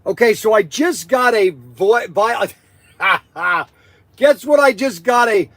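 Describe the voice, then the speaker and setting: Excitable high-voiced man hosting a livestream. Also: unhurried, dry recording. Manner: excitable, rambling, laughing, teasing. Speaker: livestream host of a toy shop. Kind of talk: casual livestream chat, reading viewer comments.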